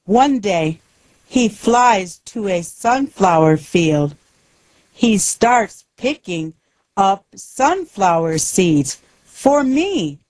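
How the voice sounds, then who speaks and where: A woman voicing a shy, sad little male bird who speaks gently and slowly in simple lines. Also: mid-range voice, very animated, no echo. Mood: sad, telling.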